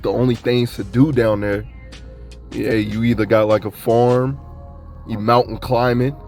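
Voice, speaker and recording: Brief: man from Kentucky, relaxed preaching voice, chatty and laughing, soft music under him. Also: medium pitch. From Kentucky, USA. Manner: loose, conversational, laughing asides, repeats "man". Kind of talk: casual street-style sermon.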